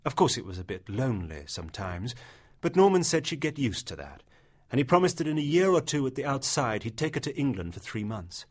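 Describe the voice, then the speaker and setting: A man reads a classic short story aloud at a measured pace. His voice sits at an ordinary middle pitch. He tells the tale with steady care. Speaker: audiobook narrator. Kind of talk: literary audiobook narration.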